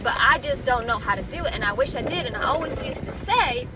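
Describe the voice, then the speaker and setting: A woman's voice: high voice, expressive, fast, few pauses. A woman rambling candidly in a casual monologue, swearing freely as she talks outdoors. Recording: distant mic with loud traffic noise.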